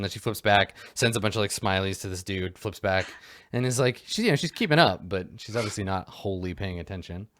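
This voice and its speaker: A man's voice: on the low side, a bit bright, no room sound, clean studio sound. A man narrating as game master of a tabletop role-playing game, rambling with many fillers.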